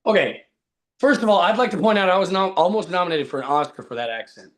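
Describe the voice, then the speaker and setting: A man with a fairly high voice tells wild tall tales about himself with a straight face. He brags through live-stream banter and never cracks. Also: fast talker. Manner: boastful, deadpan tall tales. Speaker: stream co-host.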